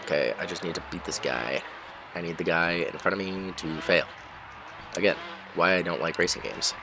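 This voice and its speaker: Deep-voiced man rambling over gameplay. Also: normal speed, noisy background. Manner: rambling, self-interrupting, reacts loudly to crashes. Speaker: gaming channel host. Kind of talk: casual gameplay commentary. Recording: game music behind voice. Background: game music and engine sounds.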